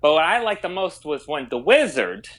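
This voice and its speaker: Man putting on a rambling folksy caller, goofy guy, high-pitched, down-home exclamations, comedy podcast bit. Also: very animated, normal speed, a bit bright. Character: goofy middle-aged male longtime caller, folksy and rambling.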